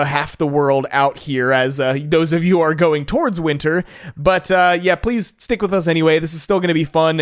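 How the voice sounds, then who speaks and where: A man's voice: a little high, dry recording, clean studio sound. A man hosting a solo podcast in a casual, enthusiastic, laid-back way, with some casual swearing. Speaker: podcast host.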